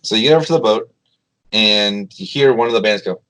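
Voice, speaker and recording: Low-voiced male game master. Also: brisk, a bit bright, poor audio. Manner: hesitant, many restarts and fillers. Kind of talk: narrating a tabletop game.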